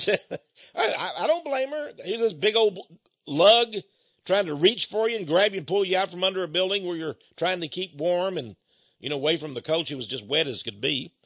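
A man hosts a radio show in a rambling, teasing, folksy way, often chuckling. His voice is gravelly and a bit husky. The studio sound is dry and slightly dull. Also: high voice, animated, normal speed, fairly bright tone, no echo.

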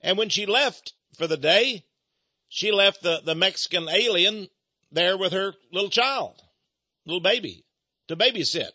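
A man hosting a radio talk show, giving indignant opinionated commentary that swings between hushed asides and loud outbursts. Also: sits high, expressive, measured pace, no room sound, muffled recording.

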